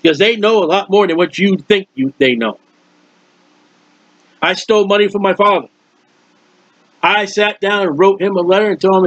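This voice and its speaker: A man's voice: high-pitched, normal speed, long pauses, a bit bright, dry recording. An older man preaching a sermon, earnest and folksy, rambling and acting out prayers as he goes. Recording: dull, lo-fi recording.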